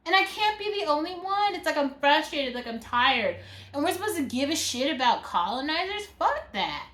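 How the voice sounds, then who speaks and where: A woman's voice: very high voice, sing-song, moderate pace, fairly bright tone. A woman delivering a frustrated, profane vlog rant, full of "like" fillers. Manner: exasperated, profane, many "like" fillers. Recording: roomy echo.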